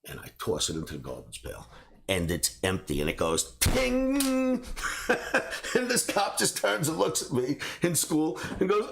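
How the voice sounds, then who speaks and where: A man hosting a trading show, telling a personal story in a casual, animated way and laughing between beats. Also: fairly high pitch, unhurried, vocal fry. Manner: animated, laughs through his own stories. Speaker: trading academy host.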